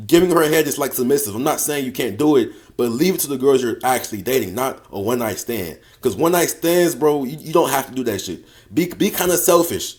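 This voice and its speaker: A man's voice: medium pitch, expressive, a little fast, few pauses. A man giving dating advice as a coach in a casual, slangy, profane monologue, often repeating phrases and calling the listener bro. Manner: slangy, profane, emphatic street talk.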